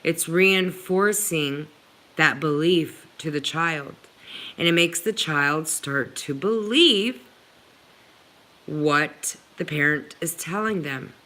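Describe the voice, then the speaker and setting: A woman's voice: low voice, takes it slowly, sharp tone, poor audio. A woman hosting a live stream, answering viewers' comments in an earnest, pleading way and talking straight to them. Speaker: livestream host answering viewers.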